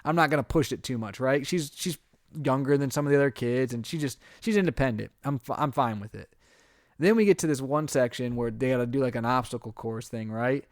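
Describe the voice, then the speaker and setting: A man's voice: mid-range voice, brisk, no echo, studio quality. A man co-hosting a podcast, telling a long story in casual chat and acting out his own reactions. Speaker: podcast co-host.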